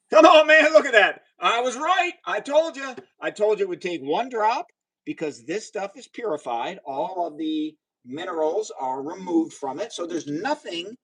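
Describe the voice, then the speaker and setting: A man hosting a casual livestream of chemistry experiments. He chats with viewers and cheers loudly when a result goes his way. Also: on the high side, husky, rough recording. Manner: chatty and excitable, talks to viewers, cheers at results. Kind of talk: casual live science demo.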